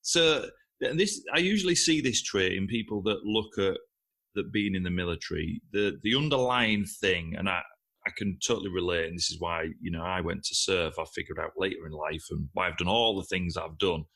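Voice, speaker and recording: Deep voiced podcast host guy, punchy tone, keeps saying awesome and repeating himself. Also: fairly quick, gravelly, a bit bright. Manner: affirming, repeats himself, casual swearing. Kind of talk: casual interview chat.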